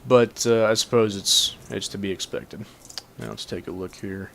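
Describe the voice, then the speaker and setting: A man casually commenting on a game while he plays, matter-of-fact and relaxed. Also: lowish voice, moderate pace, vocal fry. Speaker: gameplay commentator.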